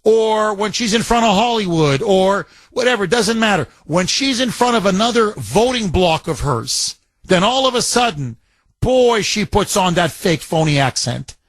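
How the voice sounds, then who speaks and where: High-voiced man ranting on talk radio. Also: lively intonation, normal speed, a bit bright, dry recording. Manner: indignant, ranting, repeats and restarts phrases.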